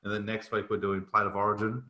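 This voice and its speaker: A man's voice: fairly low pitch, flat delivery, fast talker, bright, forceful tone, reverberant. A man with an Australian accent, co-hosting a podcast in casual, blunt and opinionated banter. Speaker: podcast co-host. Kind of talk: casual chat.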